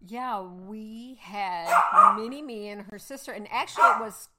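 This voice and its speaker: A woman co-hosting a casual chat, telling a story with animated delivery, laughing often and acting out quotes. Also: medium pitch, unhurried, very noisy. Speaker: podcast co-host; mother.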